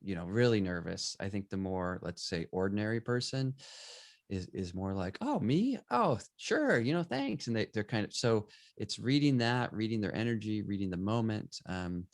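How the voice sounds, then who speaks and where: Middle-aged male photographer, low voice, dry close mic, animated storytelling guest. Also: moderate pace, dry recording. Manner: animated, acts out quoted dialogue. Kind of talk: conversational storytelling.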